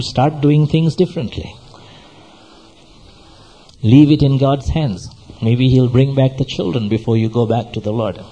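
Husky, mellow-voiced male preacher. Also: mid-range voice, low-quality recording. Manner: exhorting, repetitive, asks the audience questions. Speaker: pastor. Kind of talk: sermon.

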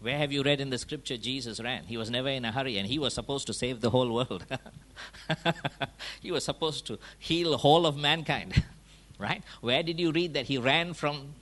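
A man with a medium-pitched, fairly bright voice preaches a sermon, pressing his points with rhetorical questions and quick checks like "huh?" and "yeah?". His emphatic delivery swings between raised and dropped volume.

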